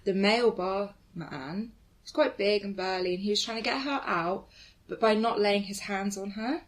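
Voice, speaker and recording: Animated woman telling a story. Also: medium pitch, moderate pace. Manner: animated storyteller who acts out quoted voices. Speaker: podcast co-host. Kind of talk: casual chat.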